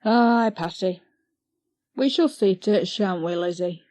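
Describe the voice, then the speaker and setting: An easygoing middle-aged gardener, as a woman reader lowers her voice for him, mild and unhurried in plain country dialect. The storybook recording is dry and close. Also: darkish tone, dry recording, natural voice. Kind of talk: audiobook character voice.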